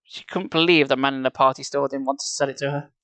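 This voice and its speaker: A man's voice: mid-range voice, fairly even intonation, fast, a bit bright, no echo. Casual man reading a spooky story live. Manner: casual, chatty asides. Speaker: livestream reader.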